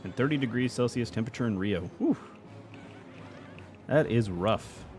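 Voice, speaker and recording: A man's voice: mid-range voice, animated, moderate pace, darkish tone, soft background music. A young adult man streaming a game live, chatting casually, reading chat aloud and laughing often.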